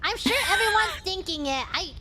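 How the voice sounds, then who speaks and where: A woman's voice: very high voice, animated, moderate pace, pushed and bright, a little hiss or hum. A woman hosting a casual game stream, giggly and playfully teasing her guest. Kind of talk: casual chat.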